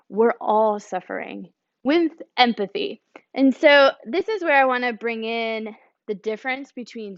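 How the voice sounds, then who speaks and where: A woman's voice: medium pitch, a bit bright, dry recording. A woman from the United States speaking as a church speaker in an informal teaching talk, conversational, and explaining with a drawn picture and acted examples. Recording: slightly dull lo-fi recording.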